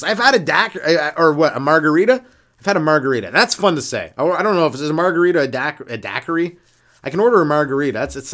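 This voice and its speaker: A man doing a loose, rambling stand-up comedy monologue on his podcast, self-mocking and jumping into silly voices, with a smoker's cough. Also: fairly bright tone. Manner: loose and self-mocking, acts out silly characters in jumps of pitch.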